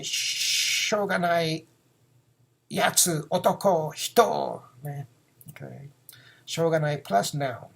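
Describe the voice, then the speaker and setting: Slow, gravelly man teaching. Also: on the high side. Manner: slow, repeats phrases, acts out example lines. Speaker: Japanese teacher. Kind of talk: casual language lesson.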